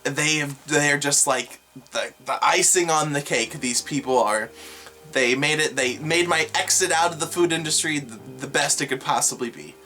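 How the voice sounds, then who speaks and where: Young adult vlogger, bright tone, exasperated and sarcastic storytelling to camera. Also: mid-range voice, normal speed, soft background music.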